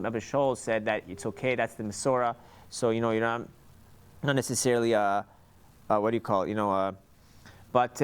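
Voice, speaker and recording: A man giving an informal lesson on Hebrew letter sounds, sounding them out slowly and often restarting his sentences. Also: mid-range voice. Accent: Sephardic Hebrew pronunciation. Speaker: Hebrew reading teacher.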